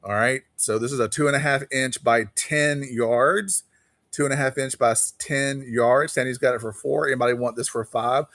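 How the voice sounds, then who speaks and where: A man hosting a live online auction stream, chatting casually and quickly calling bids while greeting viewers by name. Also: medium pitch, fairly even intonation, a bit bright, no echo, studio quality.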